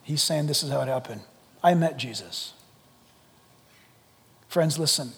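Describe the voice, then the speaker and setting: A man preaching a sermon to a congregation, dramatic and animated, jumping from loud exclamations to hushed near-whispers and acting out quoted voices. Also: fairly high pitch, measured pace, gravelly. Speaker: pastor. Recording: long hall reverb.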